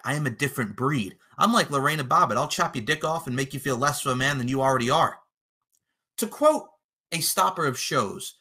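A man cutting a boastful, profane wrestling trash-talk promo, taunting his opponent and breaking into shouted lines. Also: on the high side, slightly rough. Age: adult, podcasting eight years. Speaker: podcast promo contestant.

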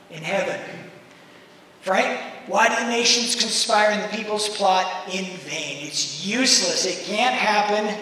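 A man with an American accent preaching a sermon as pastor, reading scripture aloud and acting out the voices in it with animation. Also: sits high. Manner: animated, acts out voices in the text. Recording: echoey hall, mic from far off.

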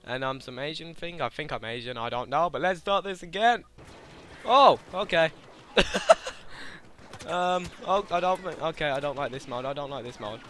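A young man doing excitable gameplay commentary, laughing often and shouting at the game. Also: fairly high pitch, moderate pace, noisy background. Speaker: gaming YouTuber.

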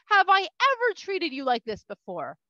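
A woman's voice: very high voice, huge pitch swings, normal speed, dry recording, pitched above the performer's own voice, full character voice. A woman voicing a hurt, chatty female donkey who whines in casual slang, in a dull, dry recording.

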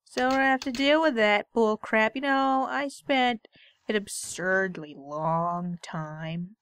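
A woman's voice: mid-range voice, slow, a bit bright, clean tone. A woman giving casual gaming commentary, bantering playfully and sarcastically with the character on screen. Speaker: let's play gamer.

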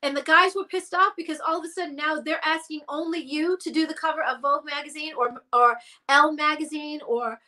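A woman with a high, bright voice tells stories in a relaxed interview. She is animated and slips into the voices of the people she quotes. Her tone stays sharp and forward. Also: a little fast. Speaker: guest singer. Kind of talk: casual storytelling interview.

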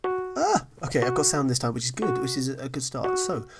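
A man's voice: medium pitch, very animated, fairly quick, creaky, loud music behind the voice. Rambling, self-deprecating man gaming. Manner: frequently apologetic. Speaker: gaming channel host. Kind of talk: casual gameplay commentary.

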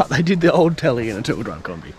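A man with an Australian accent chatting casually in a vlog out on a four-wheel-drive track, laughing often and poking fun at himself. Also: medium pitch. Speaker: vlogger. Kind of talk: casual outdoor vlog chat. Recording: outdoor recording with clear background noise.

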